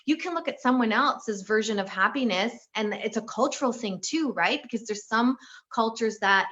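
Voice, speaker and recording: A woman relationship coach talking in an interview, animated and acting out the voices of people she quotes. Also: a little high, normal speed, dull audio. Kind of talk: conversational interview.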